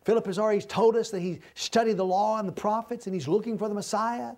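High-voiced man teaching a Bible study. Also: fairly even intonation, quick pace. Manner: explains verses, acts out the speakers' lines, then closes in a quiet prayer.

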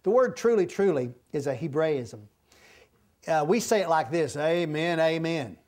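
A man's voice: a little high, big pitch swings, normal speed. A man teaching a verse-by-verse Bible study, explaining the scripture and acting out the speakers' lines. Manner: explains verses, acts out the speakers' lines, then closes in a quiet prayer.

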